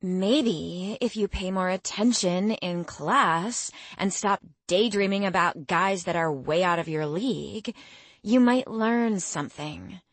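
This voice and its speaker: A woman voicing a haughty, cruel teenage princess witch who talks slowly and with contempt. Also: fairly low pitch, dry recording. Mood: sneering.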